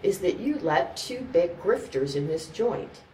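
A woman's voice: fairly low pitch, very animated, a little slow, a little mellow, a little hiss or hum. A woman doing a drunk, slurring 1920s moll. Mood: indignant. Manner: slurring, snappish. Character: drunk, hot-tempered young moll in a 1920s speakeasy. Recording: roomy, distant mic, faint ambience.

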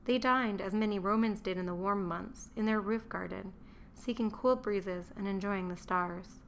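A woman reading a historical novel aloud, measured and dry. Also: medium pitch, a little hiss or hum. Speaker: narrator. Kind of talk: audiobook narration.

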